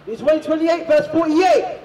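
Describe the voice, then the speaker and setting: A woman reading scripture aloud for a street preacher, in a steady, declaiming way. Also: high voice, a little fast. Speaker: scripture reader. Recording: echoey, from far off, crowd behind.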